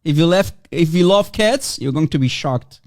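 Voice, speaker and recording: Male stream host, taunting and playful, fairly high voice that swings widely. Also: expressive, normal speed, a little mellow. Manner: mocking and provocative, repeats and teases. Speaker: livestream host. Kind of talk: casual livestream chat taking guests.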